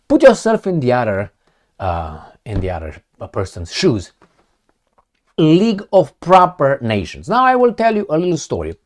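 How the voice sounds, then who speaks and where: A man giving blunt, sarcastic political commentary with some swearing, talking straight to the viewer. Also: fairly high pitch. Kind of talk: opinionated commentary monologue.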